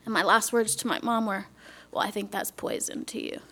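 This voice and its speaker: A woman's voice: mid-range voice, a little fast, hardly any pauses, fairly bright tone. A middle-aged woman giving a personal testimony to a congregation, earnest, sometimes dropping to a whisper and asking the listeners questions. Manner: earnest, drops to a whisper, asks the audience questions. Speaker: speaker giving a church testimony.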